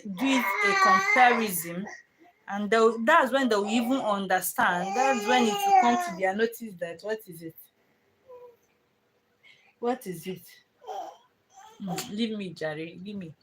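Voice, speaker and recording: Heard over very noisy audio, this parenting vlogger speaks at normal speed in a slightly high, very animated voice. She's a young mother live-streaming casually about raising kids, rambling and restarting with many fillers and breaking off at times to scold her children.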